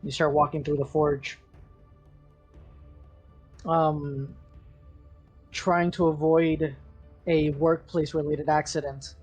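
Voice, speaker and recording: A man game master narrating a tabletop scene, meandering through fillers and restarts. He talks slowly in a slightly husky voice, over soft background music. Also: a little high, flat delivery. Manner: rambling, lots of likes and restarts.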